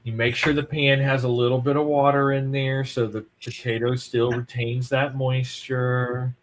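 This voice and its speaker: A man's voice: medium pitch, level tone, moderate pace. A man who is a guest on a casual morning live show, teasing and laughing a lot. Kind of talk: casual live-stream chat.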